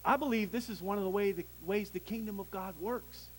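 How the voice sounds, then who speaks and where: A man preaching a sermon as pastor, swelling to emphatic peaks and dropping low, with some restarts. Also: brisk, big-room sound, a little hiss or hum, low-quality recording.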